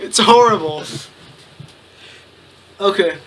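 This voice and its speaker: Brief: young male reader, high voice, bright tone, giggly and quick to laugh. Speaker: co-host reading a fan story. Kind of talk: comedic reading with banter.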